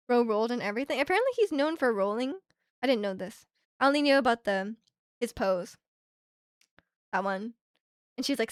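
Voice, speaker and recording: A woman's voice: on the high side, no echo. Chatty young woman streamer, dry sound. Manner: chatty, rambling retelling with fillers and laughs. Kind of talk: casual chat with stream chat.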